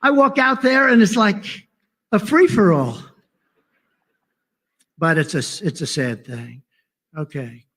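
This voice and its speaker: A man's voice: high-pitched, takes it slowly, long pauses, a bit bright. A man giving a rambling, off-the-cuff political speech at a conference, full of sarcasm and digressions.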